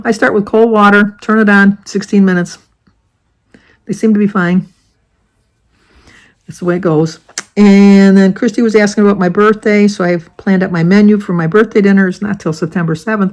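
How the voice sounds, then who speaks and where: A woman's voice: medium pitch, fairly even intonation, moderate pace, darkish tone, rough recording. Older woman from the US, casual vlog chat, rambling and self-correcting. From United States. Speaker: vlogger.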